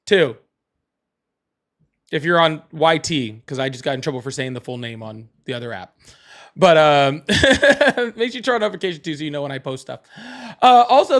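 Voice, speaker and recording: A man hosting a casual political call-in livestream, chatty and quick to laugh and banter. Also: high voice, very animated, a bit bright. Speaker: livestream host.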